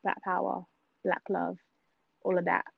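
Woman podcast co-host, relaxed casual chat, dry muffled sound. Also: on the low side, measured pace, gravelly, husky, no room sound. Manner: laid-back, lots of fillers.

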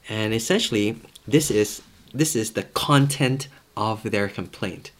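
A man's voice: fairly low pitch, moderate pace, fairly bright tone, a little hiss or hum. A man preaching a casual sermon from home, talking conversationally and repeating words for emphasis. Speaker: pastor.

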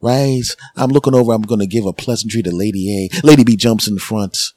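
Podcast guy with a lowish voice riffing through a funny story, repeats lines for laughs. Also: brisk, no room sound. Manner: animated, repetitive comic retelling. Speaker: podcast host. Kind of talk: comedic storytelling monologue.

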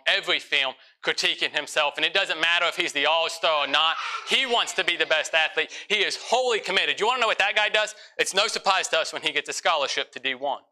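A young adult man preaching a sermon in church, animated, jumping into quick acted-out conversations with his congregation. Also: high voice.

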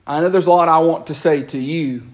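A man, preaching a lively sermon in a church and breaking into quick asides and repeated words. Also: a little high. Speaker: pastor. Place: church sanctuary.

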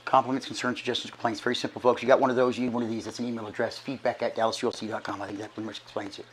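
A middle-aged man gives casual church announcements as archbishop, hoarse and short of breath, chatty and folksy with halting restarts. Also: medium pitch, little pitch movement, slight background noise, low-quality recording. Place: church sanctuary.

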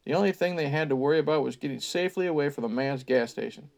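A man's voice: a little high, fast, gravelly, a little mellow. A man hosting a podcast, reading a book aloud with sarcastic, mocking asides. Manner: wry, mocking asides between passages.

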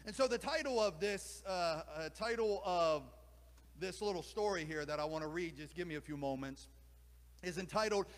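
A man in his forties preaching a sermon, reading a story slowly and emphatically and then rambling in asides. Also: sits high. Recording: long hall reverb.

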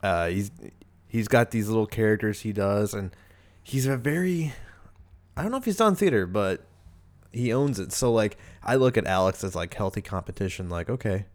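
Hosting a podcast, a young American man speaks at normal speed in a lowish voice with lively intonation. He chats casually and rambles, full of fillers, "like"s and restarts.

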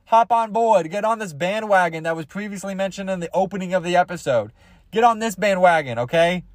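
A man's voice: a little high, no echo. A young man hosting a podcast, rambling through crude, goofy comedy bits and jumping into silly voices. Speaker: podcast host.

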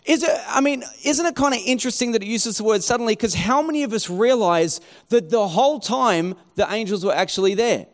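A man's voice: high voice, brisk, few pauses. A man preaching a sermon in a conversational way, asking rhetorical questions and restarting his phrases. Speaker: pastor.

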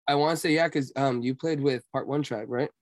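The speaker is a young man from San Diego, California, a musician guest chatting casually and rambling with lots of "like" and "um." His mid-range voice has fairly even intonation and a fairly quick pace, recorded dry.

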